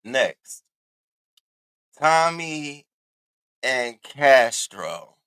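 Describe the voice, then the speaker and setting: A man's voice: medium pitch, very animated, drawn-out words, a bit bright, clean tone. A man, hosting a casual, profane commentary rant aimed straight at his viewers. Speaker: commentary host.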